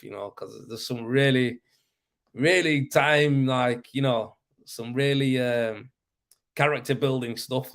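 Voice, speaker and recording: A man, a plasterer, chatting casually on a live stream and telling work stories, laughing often and swearing freely. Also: mid-range voice.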